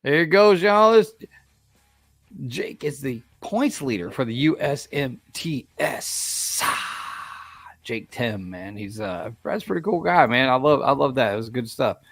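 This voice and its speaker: A man's voice: medium pitch, lively intonation, a little slow, fairly bright tone, no room sound. Hearty man hosting a racing chat. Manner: loose and hearty, calls everyone man or brother. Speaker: podcast host. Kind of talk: casual chat.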